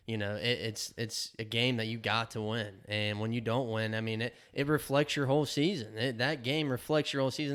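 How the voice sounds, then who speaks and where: A man's voice: on the low side, a bit bright, clean tone. A man who is a former football coach, answering earnestly as a podcast guest and repeating words as he thinks. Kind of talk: casual interview answers.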